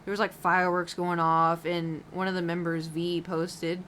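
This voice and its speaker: A woman's voice: fairly low pitch, little pitch movement, normal speed, fairly bright tone, a little hiss or hum. A woman streamer chatting casually while painting, rambling with lots of fillers and giggles.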